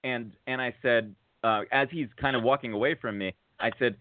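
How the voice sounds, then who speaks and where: A man on a podcast telling a long casual story, full of fillers and restarts, getting excited at the funny parts. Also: mid-range voice, moderate pace, hardly any pauses, no echo. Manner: rambling, filler-heavy, rises to excited laughter at funny moments. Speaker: podcast co-host. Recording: tinny phone-like audio.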